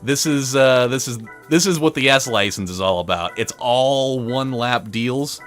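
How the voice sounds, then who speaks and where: A man's voice: mid-range voice, moderate pace, fairly bright tone, faint music behind. A man casually commenting on his racing game, rambling through a story full of "like" and "you know". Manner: rambling, storytelling, frequent fillers. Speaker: let's play host.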